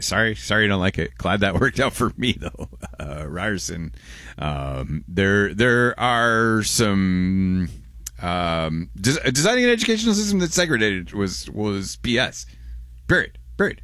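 A young man, hosting call-in talk radio, quick and loose as he reads listener texts aloud. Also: low-pitched, bright, forceful tone, dry recording. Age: young adult. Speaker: radio host. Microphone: close studio microphone.

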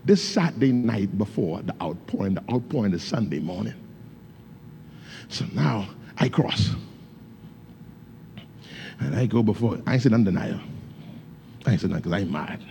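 A man's voice: lowish voice, expressive, normal speed, vocal fry, pauses often, mellow. A man preaching with fervor, his grammar loose and casual as he tells a story to the congregation. He calls out to his listeners and slips into speaking in tongues. A faint hum sits behind him. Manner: storytelling with call-outs to the congregation. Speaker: pastor. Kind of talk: sermon.

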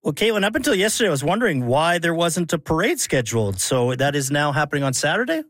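Friendly male radio host, kinda high, dry close sound, trips on words sometimes. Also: very animated, quick pace, a bit bright, no room sound. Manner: friendly, conversational, stumbles over words now and then. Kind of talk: radio interview.

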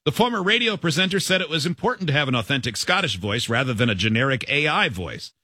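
A man reads a news item on a radio show and chats with his co-hosts as he goes. His voice is bright and a little husky, and his pitch swings widely. The studio sound is close and dry. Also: fast talker, no room sound. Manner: animated, laughs often while reading. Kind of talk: morning radio banter, reading news aloud.

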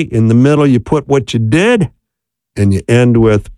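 A man's voice: mid-range voice, animated, a little fast, a little mellow, no room sound, studio quality. A man giving an instructional talk on marriage, conversational and preacherly, often checking in with "right?". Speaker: speaker on marriage.

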